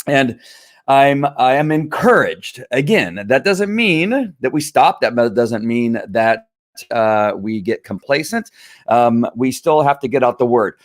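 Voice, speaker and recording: A middle-aged man hosting his own show, talking in a rambling, halting way with many fillers and an earnest, emphatic tone. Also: mid-range voice, sing-song. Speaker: show host. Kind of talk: casual live-stream monologue.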